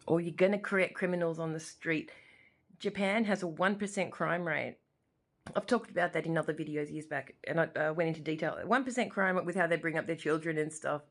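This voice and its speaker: An Australian woman in her forties, talking straight to camera at home in an impassioned, rambling way that often repeats itself. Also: on the low side. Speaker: vlogger. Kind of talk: emotional personal monologue. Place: living room at home.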